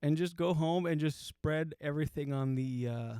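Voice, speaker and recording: A comedian in his forties rambles through his anecdotes, chuckling as he talks. His voice sits somewhat high for a man, and the recording is dry with no room sound. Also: moderate pace, warm tone, smooth, no room sound. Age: 40s. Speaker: host. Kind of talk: comedic storytelling chat.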